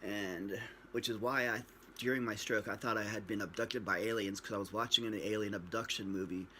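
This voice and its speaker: A man's voice: lowish voice, steady tone, fairly quick, bright, forceful tone, a little hiss or hum. A man telling his own story casually to a camera at home, rambling and joking, acting out what people said. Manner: rambling, joking, acts out quoted dialogue. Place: at home, facing a screen camera. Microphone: built-in camera mic.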